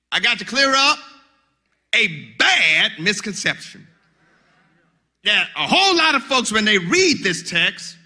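A man preaching a sermon as pastor, building to shouted, sung calls. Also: high voice.

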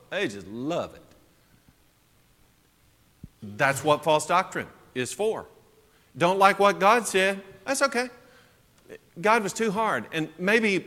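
A man preaching a sermon in an animated way, full of rhetorical questions. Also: a little high, in a large hall.

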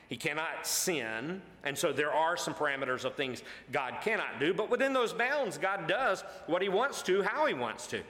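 A male pastor with a high, bright voice, teaching scripture in an earnest, emphatic way and often pausing on "uh" or restarting a phrase. His words ring out with a long, echoing reverb. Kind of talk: verse-by-verse Bible teaching. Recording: echoey hall with long reverb.

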